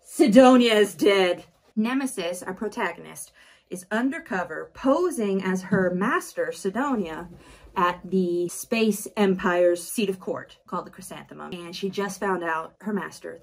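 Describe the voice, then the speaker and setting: A woman chatting casually while she does her makeup, retelling a story in a lively way with quick asides. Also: on the low side. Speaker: vlogger. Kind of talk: casual book chat while doing makeup.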